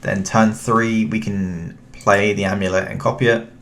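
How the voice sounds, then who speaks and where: A young British man gives relaxed commentary on his card game, talking to himself and his opponent as he plays. His voice sits low with plenty of gravelly fry. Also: moderate pace. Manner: relaxed, thinking aloud, chatty with the opponent. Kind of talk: casual gameplay commentary.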